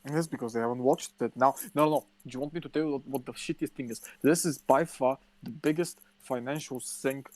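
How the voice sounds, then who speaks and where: A man's voice: mid-range voice, a little fast, few pauses, dry recording. Ranting, swearing young man, dry sound. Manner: swears constantly, ranting and animated. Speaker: podcast co-host. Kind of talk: casual chat.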